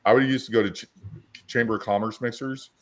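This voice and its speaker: Speaking quickly in a medium-pitched voice with fairly even intonation, a man holds his own as an assertive co-host on a coaching podcast. He dramatizes quotes while storytelling.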